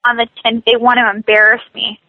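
A woman's voice: a little high, flat delivery, dry recording. Woman guiding a tapping session over a dull line. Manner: slow, repetitive scripted phrases. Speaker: tapping coach.

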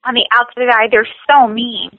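A woman coaching a tapping session, speaking slow, repetitive scripted phrases. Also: fairly high pitch, little pitch movement, no room sound, narrow, tinny audio.

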